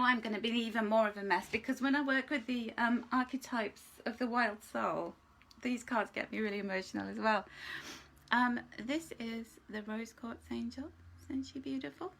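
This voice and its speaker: This woman's voice is a little high and gravelly, and she moves at a moderate pace through a live angel card reading. Gentle and reassuring, she laughs often, shows plenty of emotion, and at times whispers softly.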